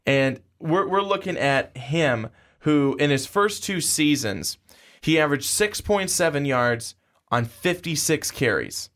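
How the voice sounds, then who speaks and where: A man co-hosting a sports podcast who gives measured analysis and thinks aloud as he goes. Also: a little high, expressive, a bit bright. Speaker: podcast co-host.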